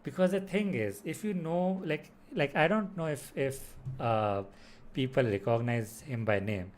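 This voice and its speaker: A man's voice: medium pitch, a little slow. A man giving a casual spoken film review, rambling with lots of fillers and restarts. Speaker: movie reviewer.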